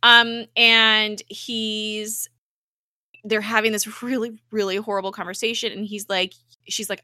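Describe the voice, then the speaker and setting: Bright-voiced woman recapping a show. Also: mid-range voice, moderate pace, no room sound, clean studio sound. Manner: animated retelling, acts out characters' lines. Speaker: podcast co-host. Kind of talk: casual TV recap chat.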